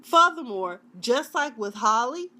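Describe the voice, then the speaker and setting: A woman's voice: on the high side, lively intonation, unhurried, pushed and bright. A woman reviewing a TV drama in a chatty, dramatic way, now and then acting out the scenes in put-on voices. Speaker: TV show reviewer. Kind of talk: casual video review.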